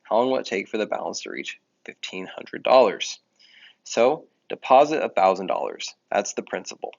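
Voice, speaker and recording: Gravelly male math teacher, lo-fi. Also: lowish voice, sing-song, moderate pace. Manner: casual explaining, with fillers and self-corrections. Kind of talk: recorded classroom lesson. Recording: dull lo-fi audio.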